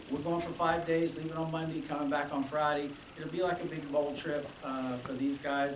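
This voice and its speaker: A man, a band director, talking casually to alumni, chatty and telling stories with quoted dialogue. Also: a little high. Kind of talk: informal speech to alumni. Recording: echoey room from far off, with noise.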